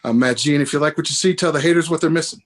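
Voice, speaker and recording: A man's voice: a little high, rapid-fire. Older man telling a rambling comic story. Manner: rambling, self-correcting. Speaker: comedian and minister. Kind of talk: storytelling stand-up. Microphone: video call.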